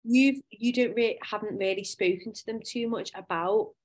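A woman hosting a podcast, chatting casually and reacting with encouragement. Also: medium pitch. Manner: warmly encouraging, quick reactions. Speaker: podcast host.

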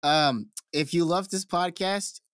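A man's voice: on the high side, slow pace, fairly bright tone, no echo, studio quality. A young man co-hosting a podcast in casual banter, blunt and swearing freely. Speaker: podcast co-host.

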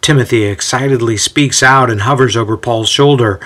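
A man giving a measured, scripted story narration. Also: medium pitch, fairly even intonation, bright, forceful tone.

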